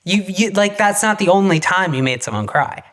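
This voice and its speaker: Co-host, lively and teasing, with a very animated pitch. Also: moderate pace. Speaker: podcast co-host. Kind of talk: casual chat.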